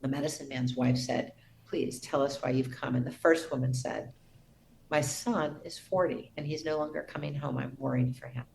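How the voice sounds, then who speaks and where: Low gravelly woman telling a reverent story. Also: fairly even intonation, moderate pace, a little hiss or hum, low-quality recording. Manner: earnest, reverent storytelling with soft restarts. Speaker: guest. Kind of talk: storytelling in a podcast interview.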